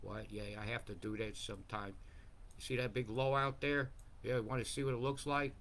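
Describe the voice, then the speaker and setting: A man giving a rambling, profane commentary over weather maps, swinging between mumbled asides and loud rants. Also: medium pitch, steady tone, normal speed, slight background noise. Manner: profane, ranting, jumps between mumbling and bursts.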